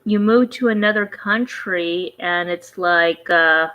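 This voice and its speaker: A woman's voice: on the low side, slow pace, muffled recording. A woman vlogger giving casual reaction commentary, rambling and conversational, often trailing off and restarting her thoughts.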